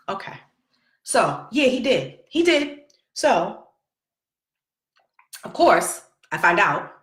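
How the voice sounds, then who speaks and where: A vlogger and mother with a mid-range, slightly bright voice speaks in an echoey room. The middle-aged woman vents to viewers about her son, facing the camera directly in a casual storytelling vlog. Emphatic and sassy, she repeats herself for effect.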